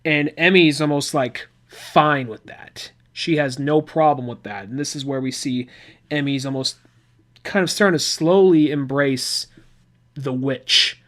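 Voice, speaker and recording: A man's voice: fairly high pitch, a little slow, fairly bright tone. A man hosting a podcast, recapping a comic book in a rambling, chatty way with asides. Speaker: podcast host.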